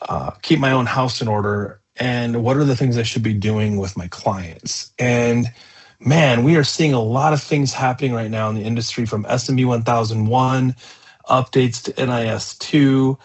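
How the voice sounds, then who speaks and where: Male podcast host, mid-pitched voice, chatty and rambling, casual conversational delivery. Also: moderate pace.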